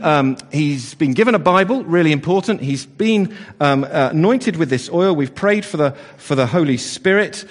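Higher-voiced man leading a church talk. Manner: chatty and playful, many fillers and restarts. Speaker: church service leader. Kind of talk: all-age church talk with children. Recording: long church reverb.

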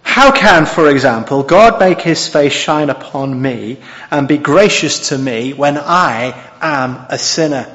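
A man's voice: a little high, expressive, unhurried, a bit bright. A male preacher giving an expository sermon, often asking the congregation questions. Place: church hall. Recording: dull sound with long hall reverb.

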